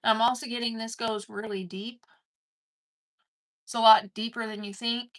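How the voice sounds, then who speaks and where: A woman's voice: fairly high pitch, level tone, moderate pace. A woman giving an intense collective tarot reading, swearing casually and calling the listener "dude". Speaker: tarot card reader.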